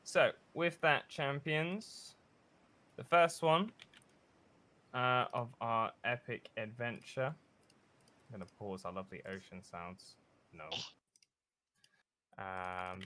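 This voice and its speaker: Bright-voiced young man running a tabletop game. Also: mid-range voice, slow pace, long pauses. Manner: many ums and uhs, lively scene-setting. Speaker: dungeon master.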